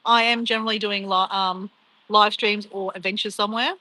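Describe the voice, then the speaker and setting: A woman's voice: medium pitch, fairly even intonation, a little fast, sharp tone, no echo, low-quality recording. A young woman chatting casually on a travel live stream, rambling and laughing as she reads viewer comments.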